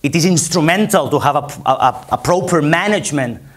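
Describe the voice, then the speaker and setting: A man's voice: on the high side, lively intonation, brisk. A man from Spain with a Spanish accent, giving an emphatic conference keynote and rallying the audience with repetition. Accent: Spanish, from Barcelona. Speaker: conference speaker. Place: conference hall.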